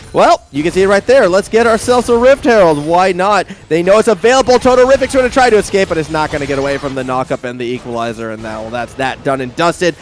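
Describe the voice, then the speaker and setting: A man with an Australian accent doing lively play-by-play commentary on an esports match, chatty and joking. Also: fairly high pitch, a little hiss or hum. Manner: animated, chatty, jokey asides. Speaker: esports caster.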